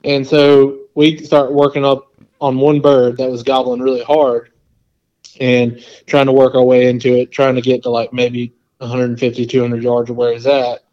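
A man's voice: mid-range voice, moderate pace, muffled recording. Rambling man telling a hunting story. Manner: rambling and animated, full of "like" and quoted asides. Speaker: podcast guest. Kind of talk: casual storytelling.

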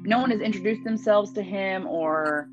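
A woman's voice: mid-range voice, normal speed, muffled recording, faint music behind. Chatty Texan woman telling a story. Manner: chatty, many "like" fillers, animated quoted dialogue. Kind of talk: casual storytelling chat.

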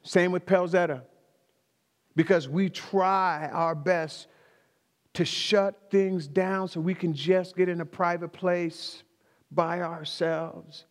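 A man's voice: sits high, steady tone, takes it slowly, in a large hall. A man preaching a sermon, speaking emphatically, repeating key phrases and talking directly to the congregation in a church. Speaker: pastor.

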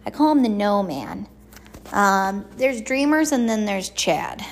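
A woman's voice: mid-range voice, slow. A middle-aged woman chatting in a rambling, casual monologue as a podcast host. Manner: chatty, rambling, animated quoted voices.

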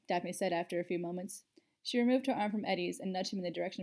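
A woman narrating a story aloud in a steady, even reading voice. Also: medium pitch, quick pace, vocal fry.

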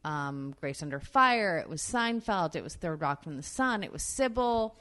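An actress telling a story in an interview, candid and profane, with lots of fillers. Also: female voice, low voice, animated, moderate pace, fairly bright tone.

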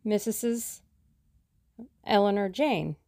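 A woman puts on a grumpy servant woman from a storybook, curt and flat. The voice is gravelly and dark, and the recording is dry and close. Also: mid-range voice, takes it slowly, no echo, pitched above the performer's own voice. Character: sullen, blunt working-class woman servant. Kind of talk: audiobook character reading.

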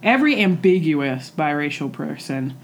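A young woman co-hosts a podcast in easy, chatty conversation. Her voice sits a little low, and she sounds upbeat and laughs easily. The recording has a faint hiss in the background. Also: very animated, moderate pace. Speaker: podcast co-host. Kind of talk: casual chat. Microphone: microphone resting on a pillow.

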